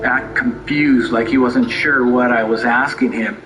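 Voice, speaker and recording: A man, a police detective, recounting a case in a measured, deliberate way in a documentary interview. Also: medium pitch, steady tone, music in the background, rough recording.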